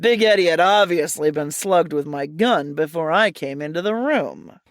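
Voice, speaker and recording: A woman narrating a hardboiled comic mystery story in a wry, deadpan, theatrical way. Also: deep voice, moderate pace, no room sound, studio quality.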